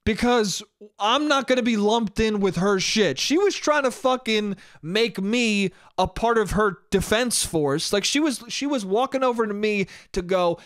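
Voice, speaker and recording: A high-voiced man rants through a story on his solo podcast, swearing freely and sounding exasperated. The recording is close and dry, with no room sound around him. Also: animated, a little slow, fairly bright tone, no echo. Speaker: podcast host. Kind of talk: casual solo podcast monologue. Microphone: podcast microphone.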